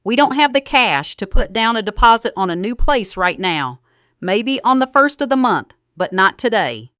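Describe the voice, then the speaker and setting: A woman's voice: mid-range voice, very animated, normal speed, fairly bright tone, dry recording. Arrogant, furious son-in-law in a storybook reading, voiced by a woman narrator; panting, venomous snarl, dry sound. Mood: indignant.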